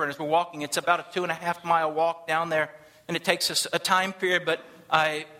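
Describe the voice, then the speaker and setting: A man preaching a sermon to a church congregation, telling stories and acting out the people in them with animated delivery. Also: high voice. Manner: animated, acts out quoted voices. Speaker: missionary pastor. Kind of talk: sermon storytelling. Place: church service.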